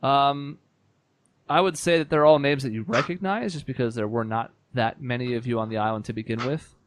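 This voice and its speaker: A man narrating as game master of a tabletop role-playing game, in a casual, relaxed way. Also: mid-range voice, brisk, slight background noise.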